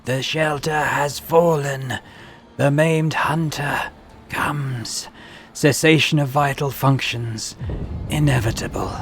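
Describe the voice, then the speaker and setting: A woman's voice: sits low, a little slow, a little hiss or hum. A woman voicing a dying, half-machine female tech-priest in a video game, speaking in cold, clipped, machine-like phrases. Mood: fading.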